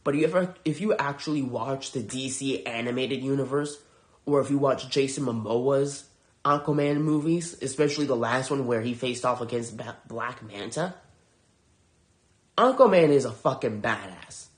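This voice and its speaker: A man's voice: mid-range voice, normal speed. Profane ranting male podcast host. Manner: profane, heated, sarcastic. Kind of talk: casual review rant.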